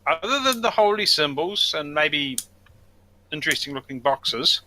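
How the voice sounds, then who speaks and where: Man, tabletop player, very bright tense tone, lively pitch. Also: moderate pace, rough recording. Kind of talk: casual tabletop play.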